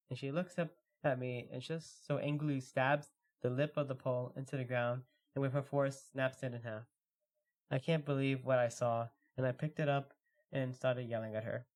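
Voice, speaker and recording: Easygoing man reading stories aloud. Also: medium pitch. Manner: relaxed, filler-heavy, reads stories slowly. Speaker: podcast co-host.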